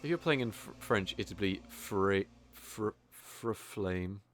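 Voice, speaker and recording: A man's voice: on the low side, slow pace, faint music behind. A man giving casual, joking commentary while speedrunning a game, teasing other players and swearing now and then. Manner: joking, mocking, swears casually, many fillers.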